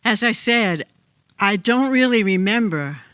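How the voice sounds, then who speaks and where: An older man reading his own childhood memoir aloud on a small theater stage, deliberate and reflective. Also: high-pitched, animated, pushed and bright, clean tone, dry recording.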